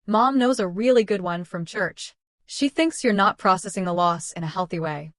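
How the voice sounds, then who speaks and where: A woman reads out a young husband's voice, talking down to his wife, exasperated and condescending, patronizing calm over a dry dead-quiet sound. dry booth feel, nothing around the voice. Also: mid-range voice, normal speed, no room sound, close to an everyday voice. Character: dismissive young adult husband, man.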